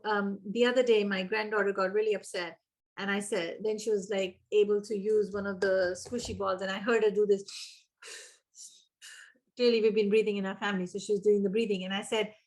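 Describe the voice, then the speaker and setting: An older woman coaching teachers in a webinar, engaging her audience with questions and repeating key words for emphasis. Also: mid-range voice. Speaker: early childhood education coach. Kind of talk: webinar presentation.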